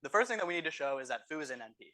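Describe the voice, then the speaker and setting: Fast, bright-voiced male teaching assistant. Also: fairly high pitch, very animated. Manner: explanatory, tags statements with "right?". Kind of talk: exam review lecture. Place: university classroom.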